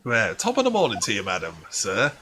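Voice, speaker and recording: A man's voice: huge pitch swings, brisk, sharp tone, a little hiss or hum, heavily acted. A man putting on a blustering rich man with an odd accent. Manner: theatrical, blustering, swooping pitch. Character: boastful rich middle-aged man, odd put-on accent. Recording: game music behind.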